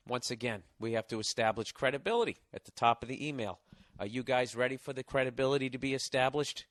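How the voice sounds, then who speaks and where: A man's voice: medium pitch, a little fast, fairly bright tone, no echo, studio quality. A man hosting a podcast, delivering a sarcastic, mocking and profane comedic monologue. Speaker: podcast host.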